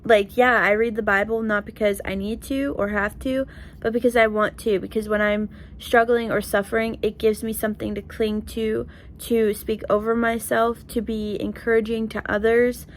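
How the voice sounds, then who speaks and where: A woman's voice: fairly high pitch, level tone, normal speed, slight background noise. A young woman vlogging in a heartfelt, casual way, earnest and emotional, with lots of "like" and "you know". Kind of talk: heartfelt casual vlog talk.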